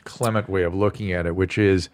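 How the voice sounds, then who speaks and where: A man's voice: sits low, steady tone, a little fast. An older man hosting a podcast in casual chat, musing aloud with jokey asides. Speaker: podcast host.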